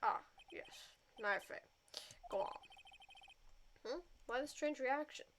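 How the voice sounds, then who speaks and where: A woman voicing a pompous, blustering old male lawyer in a video game, with drawn-out lines. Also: high voice, fairly bright tone, slight background noise.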